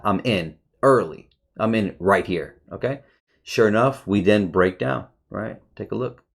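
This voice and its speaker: Brief: lower-voiced man, excitable trading teacher, swears freely and calls his viewers bro. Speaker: trading educator. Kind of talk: casual screen-share chart review.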